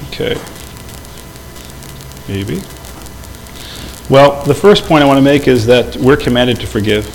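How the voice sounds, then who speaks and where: A man's voice: mid-range voice, measured pace, creaky, poor audio. Conversational middle-aged man preaching a sermon. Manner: conversational, asks the congregation questions. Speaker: pastor. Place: church. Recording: faint background noise.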